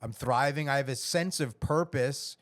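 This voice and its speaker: A man's voice: medium pitch, normal speed, dry recording, clean studio sound. A man comedian talking candidly and easily in a casual podcast chat. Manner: candid, easygoing, laughs often.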